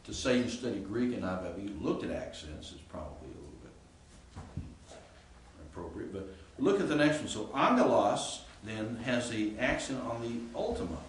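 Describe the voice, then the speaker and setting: In an echoey classroom, faintly hissy and recorded through a distant mic, a Greek professor teaches grammar informally and keeps checking in with students. His voice is on the low side, lively in intonation, at normal speed.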